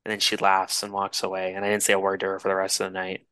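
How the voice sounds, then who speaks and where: Podcast co-host, young man from Canada, bright crisp voice, rambling animated storyteller, dry close sound. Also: low-pitched, very fast, no room sound. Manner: animated, rambling storyteller with frequent restarts and swearing. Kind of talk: casual storytelling chat.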